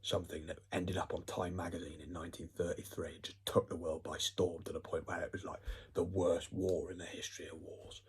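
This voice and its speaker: A man's voice: low voice, level tone, a little fast, slight background noise. A man giving a rambling, profane monologue. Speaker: vlogger.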